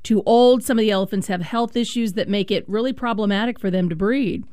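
A woman's voice: medium pitch, brisk, darkish tone, clean tone, dry recording, clean studio sound. A woman hosting a radio interview, asking questions in an engaged, conversational way. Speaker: radio host.

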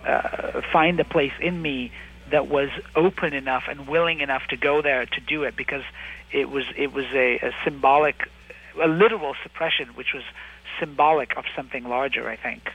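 A man's voice: medium pitch, fairly even intonation, normal speed, gravelly, husky, highs cut off. A man in his thirties, an actor, talking reflectively in an interview and often restarting his sentences as he thinks. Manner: thoughtful, many restarts and hedging fillers. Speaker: actor and writer, interview guest.

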